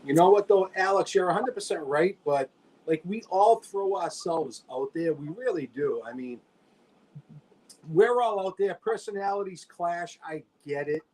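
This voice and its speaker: A man's voice: high-pitched, expressive, moderate pace, darkish tone, low-quality recording. A man chatting casually as a podcast guest, laid-back and full of slang. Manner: laid-back, says dude a lot.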